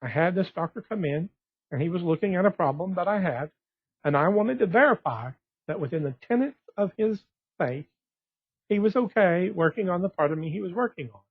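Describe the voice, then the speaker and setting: A man with a slightly high, husky voice rambles from one thought to the next, circling back and restarting as he goes. The recording is tinny and phone-like and sounds dry, with no room around him. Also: expressive, fairly quick, dry recording. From West Texas. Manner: rambling, digressive, restarts often. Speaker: blogger. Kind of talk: casual monologue.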